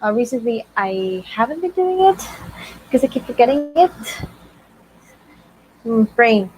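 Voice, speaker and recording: A woman's voice: on the high side, low-quality recording. A woman in her thirties hosting a casual writing livestream, bubbly and greeting viewers by name. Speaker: livestream host.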